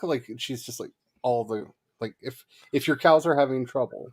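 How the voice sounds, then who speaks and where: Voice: medium pitch, normal speed, hardly any pauses. A co-host in casual chat, telling stories with lots of giggling. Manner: giggly, animated storytelling.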